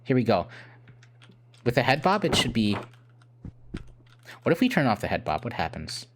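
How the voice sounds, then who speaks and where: Giggly streamer with a lively voice. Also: mid-range voice, moderate pace, noisy background. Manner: chatty, giggly, talks to chat. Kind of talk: casual horror game commentary. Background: game music.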